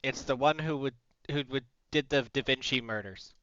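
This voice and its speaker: During a casual tabletop game, a male player speaks bluntly with a wry edge. His mid-range voice is fairly bright and smooth at a moderate pace, with no room sound, though the lo-fi mic makes it muffled.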